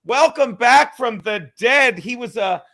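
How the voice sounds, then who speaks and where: A man hosting a casual comedy podcast, telling stories in a profane, excitable way, often laughing and breaking into shouts. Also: extremely high pitch, measured pace, vocal fry, dry recording, studio quality. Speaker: podcast host.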